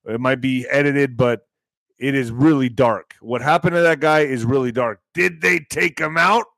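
A male host of a live online commentary show, talking in a rambling, excitable way that sometimes bursts into shouting. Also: mid-range voice, moderate pace, gravelly, no echo.

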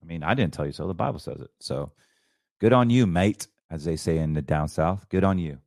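A man's voice: rumbling low, quick pace, gravelly, darkish tone, no echo, clean studio sound. A man hosting his own show, talking about markets and faith in a fervent, preachy, rambling way with many restarts. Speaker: show host. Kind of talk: casual financial commentary.

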